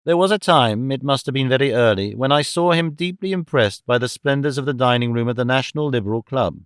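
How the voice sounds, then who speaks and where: A man reads a classic novel aloud in a measured, literary way. His voice sits at a middle pitch and is recorded close and dry, with no room sound around it. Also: clean tone, no room sound. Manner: measured literary reading, shifting voice for quoted characters. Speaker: audiobook narrator. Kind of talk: scripted narration of a classic novel.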